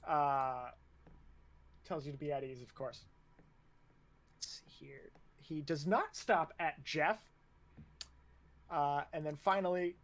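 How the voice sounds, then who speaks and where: Young man running a tabletop game, fairly high voice. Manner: switches between narration and a gruff drill instructor's barked lines. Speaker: game master.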